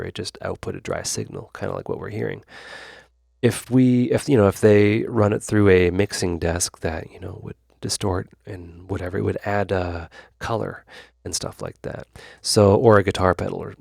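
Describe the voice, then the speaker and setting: A man with a low, gravelly voice talks through a synth demo in a relaxed, wandering tutorial style, piling on fillers and asides as he goes. The sound is dry and close, with no room around it. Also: no echo. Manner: rambling, loose, full of fillers and asides. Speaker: YouTube host.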